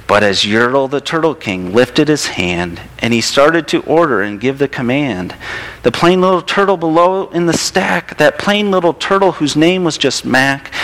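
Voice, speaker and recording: Relaxed conversational male pastor. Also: medium pitch, normal speed, rough recording. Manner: relaxed, self-deprecating, conversational. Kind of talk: sermon.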